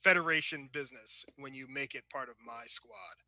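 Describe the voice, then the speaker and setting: A man playing a stern male security officer in a tabletop game, giving slow, quiet, cold warnings in a dry voice. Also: mid-range voice, creaky, no room sound, voice pushed down, low-quality recording.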